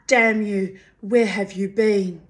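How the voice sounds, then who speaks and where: A woman voicing a weary, bitter woman in a storybook reading, shrill and scolding, her voice cracking. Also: flat delivery, measured pace, darkish tone, a little hiss or hum, lightly acted.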